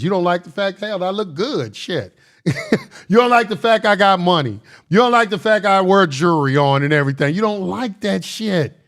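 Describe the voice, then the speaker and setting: A livestream host with a high, fairly bright voice answers his chat casually, lecturing them in a combative, boastful, slangy manner and repeating phrases for emphasis.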